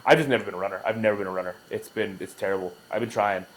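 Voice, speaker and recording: A man's voice: on the low side, very fast. A man who coaches wrestling, chatting casually on a podcast and acting out funny exchanges with kids. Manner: animated storyteller, acts out exchanges with kids. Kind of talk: casual chat.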